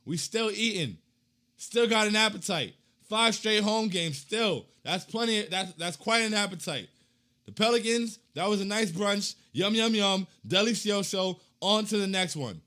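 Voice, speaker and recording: In an unhurried way, a young man goes through fan comments while hosting a casual postgame chat. His tone is hyped and slangy, ranging from loud chants to low muttering.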